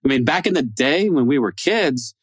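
A man's voice: mid-range voice, lively intonation, moderate pace, dry recording. A man co-hosting a casual podcast chat, goofy and rambling, laughing often. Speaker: podcast co-host.

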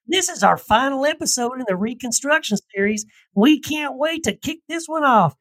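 A man's voice: extremely high pitch, animated, normal speed, a bit bright, dry recording. A man co-hosting a podcast with a playful, hammy cowboy-style greeting. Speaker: podcast co-host. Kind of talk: casual podcast chat.

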